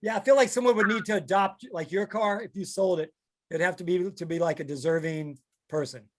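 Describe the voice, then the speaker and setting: High-voiced man telling a lively story. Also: fairly quick. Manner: animated storyteller acting out quotes. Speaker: podcast host. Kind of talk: casual chat.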